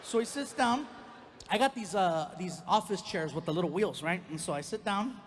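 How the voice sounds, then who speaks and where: Brief: a lively male comic telling a family story, high-pitched and expressive. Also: moderate pace, big-room sound, slight background noise. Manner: animated, swings into loud outbursts, lots of character voices. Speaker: stand-up comedian. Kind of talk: stand-up storytelling.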